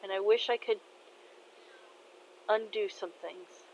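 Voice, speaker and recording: A woman voicing a soft-hearted, tearful father who talks to his daughter in a tender, soothing way. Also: mid-range voice, steady tone, takes it slowly, dull audio, slight background noise.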